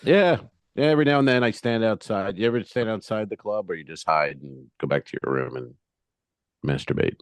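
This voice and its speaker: Low-voiced man in comedy banter. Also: a little fast, no room sound. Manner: animated, acts out quoted voices in bits. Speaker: comedian podcast co-host. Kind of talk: casual banter.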